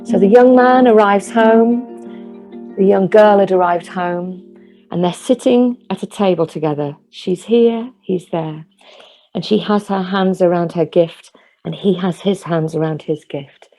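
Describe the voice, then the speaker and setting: Slow, gravelly woman storyteller. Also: medium pitch, faint music behind. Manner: gentle, measured, vivid storytelling. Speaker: folk storyteller. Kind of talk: storytelling at an online concert. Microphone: video call.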